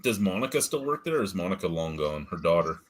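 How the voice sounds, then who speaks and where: A man's voice: sits low, very animated, fast, slight background noise. A man hosting a casual podcast chat, telling profane, laughing stories about old coworkers. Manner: storytelling with profane, laughing asides. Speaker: podcast host.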